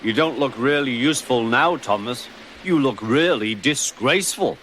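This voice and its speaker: A man's voice: medium pitch, animated, normal speed, a bit bright, slight background noise, lightly acted. A man voicing a teasing young male tank engine with a chuckling, mocking manner.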